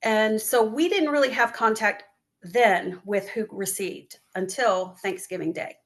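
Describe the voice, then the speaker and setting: A charity founder and business owner from northwest North Carolina answers interview questions with earnest, heartfelt storytelling, acting out the words of the people she quotes. Her medium-pitched voice is unhurried and a bit bright.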